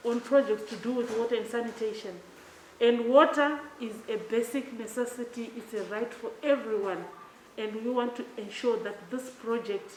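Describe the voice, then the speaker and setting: A woman's voice: fairly high pitch, slight background noise. Woman giving a formal speech. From Zimbabwe. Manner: measured, emphatic, addresses the mayor formally. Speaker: development bank official giving a speech. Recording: echoey hall with faint ambience.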